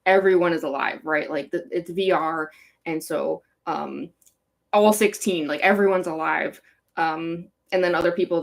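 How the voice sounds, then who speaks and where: A young woman from Chicago with a California-sounding accent, chatting casually on a live Q&A with a rambling, giggly valley-girl manner full of likes and ums. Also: on the low side. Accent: California-sounding American. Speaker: fanfic author hosting a live Q&A. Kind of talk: casual livestream chat.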